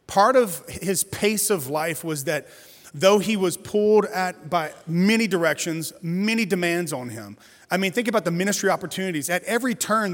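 Animated preaching man in a big hall. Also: fairly high pitch. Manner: animated, chatty storytelling with playful asides. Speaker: guest pastor. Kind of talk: sermon. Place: church sanctuary. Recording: reverberant church hall.

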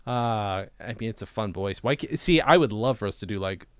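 A man's voice: on the low side, expressive, brisk, clear, resonant tone, no room sound, studio quality. A man co-hosting a podcast in casual, joking chat, rambling and trying out silly voices. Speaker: podcast co-host.

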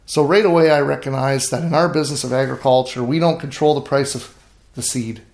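A middle-aged grain farmer tells stories in an interview, his mid-range, gravelly voice steady in tone and somewhat dark, moving at a fairly quick clip. He's earnest and emphatic and keeps restarting his sentences. The room he's recorded in is echoey.

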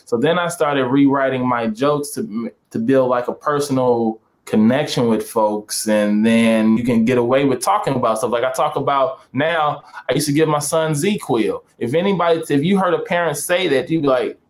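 A man who does stand-up comedy, chatting casually and acting out quotes in lively voices. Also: medium pitch, normal speed, few pauses. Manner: animated storyteller acting out voices. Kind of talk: casual podcast chat.

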